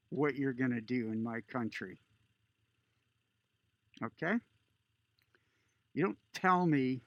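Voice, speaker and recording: A man's voice: on the high side, fairly bright tone, no echo, heavily acted. A man voicing a stern older woman border guard who lectures and scolds with emphasis.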